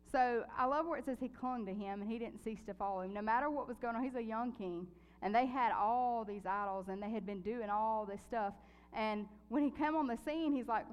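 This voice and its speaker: A woman preaching a sermon and telling a personal story in an animated way, laughing often. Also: on the high side, smooth, in a large hall.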